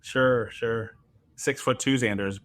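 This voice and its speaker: A man's voice: mid-range voice, fairly even intonation, takes it slowly, fairly bright tone. A man hosting a podcast, asking questions in a casual, curious way with many fillers. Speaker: podcast host. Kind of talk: casual interview chat.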